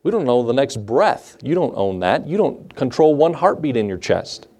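A male pastor in mid-sermon, talking casually with his congregation rather than lecturing. He keeps tossing questions out to them and slips into little acted voices for the people in his stories. His voice sits at an ordinary middle pitch for a man. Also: sing-song, moderate pace, dark tone, breathy edge. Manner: conversational preaching, asks the congregation questions and acts out Bible scenes.

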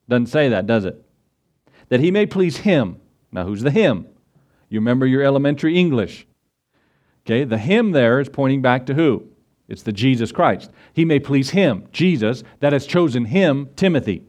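A male pastor preaching a sermon, reading scripture slowly and asking the congregation rhetorical questions. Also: medium pitch, darkish tone.

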